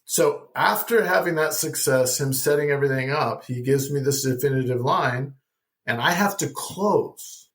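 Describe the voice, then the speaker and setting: A middle-aged man telling a personal faith story as a podcast guest, lively and acting out the dialogue he recounts. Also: medium pitch, normal speed. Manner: animated storyteller who acts out dialogue.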